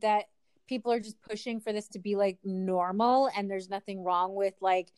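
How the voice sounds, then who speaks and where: A woman's voice: medium pitch, fairly even intonation, normal speed, darkish tone, smooth, no echo, studio quality. A woman co-hosting a casual chat, rambling with lots of likes and restarts.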